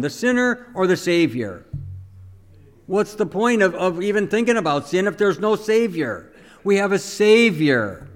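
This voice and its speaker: Conversational priest preaching in an echoing church. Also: male voice, high-pitched. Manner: conversational, asks the congregation questions. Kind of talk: sermon.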